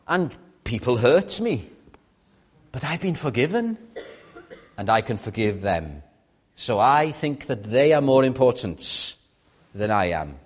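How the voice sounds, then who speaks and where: A man preaching a sermon in an earnest, personal way, sometimes dropping soft and sometimes lifting his stress. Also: mid-range voice, husky.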